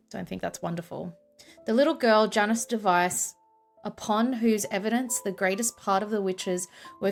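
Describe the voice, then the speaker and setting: A young woman telling a history vlog in an emotional storytelling style, sighing and trailing off into soft asides. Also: mid-range voice. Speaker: paranormal history vlogger.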